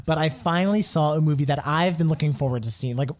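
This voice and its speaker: Brief: excitable male co-host, slightly higher voice, effusive and chatty. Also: fast. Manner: gushing, excitable, lots of "like" fillers. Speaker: podcast co-host reviewing films. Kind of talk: casual chat.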